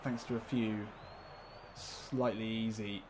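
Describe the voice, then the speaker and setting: A man's voice: fairly low pitch, flat delivery, takes it slowly, very noisy. A man commenting live on a football video game, chatty and laughing often, swearing casually and talking to his viewers. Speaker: gaming livestreamer.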